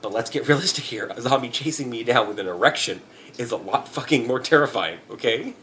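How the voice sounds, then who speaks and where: A man's voice: mid-range voice, fairly quick, fairly bright tone. Guy vlogging a rambly sweary rant, laughs a bunch, faint noise behind. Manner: profane, rambling, laughs often. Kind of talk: comedic rant.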